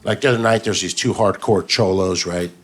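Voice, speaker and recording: A man doing a stand-up comedy set on a club stage, telling stories in a deadpan way and slipping into quick put-on voices for the characters. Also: sits low. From Southern California. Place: comedy club stage before a live audience. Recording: live club recording, loud audience noise.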